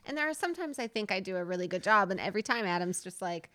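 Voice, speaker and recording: A woman's voice: medium pitch, animated, racing, fairly bright tone, no echo. Woman co-host, casual and giggly, drifts mid-thought; dry, close recording. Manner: giggly, rambling, trails off. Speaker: podcast co-host. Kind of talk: casual chat.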